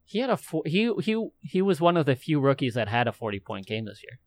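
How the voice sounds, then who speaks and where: A man's voice: fairly high pitch, very animated, a little fast, a little mellow, no echo. A man co-hosting a casual sports podcast, listing player facts in a matter-of-fact way. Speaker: podcast co-host.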